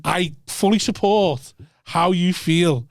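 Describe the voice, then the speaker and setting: Scouse bloke chatting on a podcast, easygoing, swears a lot, dry sound. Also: male voice, high voice, slow, creaky, dry recording. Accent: Liverpool. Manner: laid-back storytelling, swears freely. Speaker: podcast guest. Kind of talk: casual chat.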